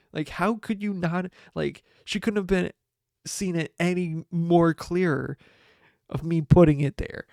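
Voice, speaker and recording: A man's voice: on the high side, fairly even intonation, slow, vocal fry, warm tone, no echo, studio quality. A man hosting a casual solo livestream podcast. He rambles, restarts his sentences, corrects himself often and laughs a lot. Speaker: podcast host.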